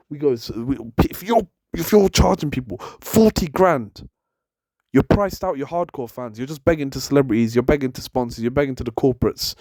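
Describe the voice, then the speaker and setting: A young man rants in a heated, exasperated way, circling back to repeat his points with rising insistence. His voice sits at a middling pitch, neither deep nor high. The recording is dry and close, with no room echo around him. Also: darkish tone. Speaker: wrestling commentator and channel host. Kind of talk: heated opinion rant.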